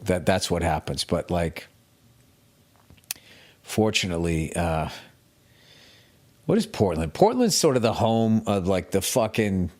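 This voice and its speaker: A middle-aged man hosting his podcast alone, ranting in a profane, self-mocking, comedic way. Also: low-pitched. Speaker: podcast host. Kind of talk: solo comedic podcast rant.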